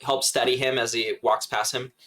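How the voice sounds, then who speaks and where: A man at a tabletop game, urging the others on with quick in-character remarks. His voice is bright and forward, with a mid-range pitch. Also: level tone. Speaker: player.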